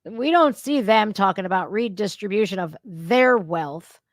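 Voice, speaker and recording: A woman's voice: medium pitch, animated, measured pace, no echo, studio quality. A woman hosting a reaction channel, ranting about politics in an angry, profane, emphatic way. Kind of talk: heated political rant.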